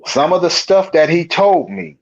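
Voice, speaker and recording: A man's voice: a little high, sing-song, normal speed, dull audio. A man, a guest on the show, telling his own encounter in a rambling, colloquial way with frequent restarts. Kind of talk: casual storytelling.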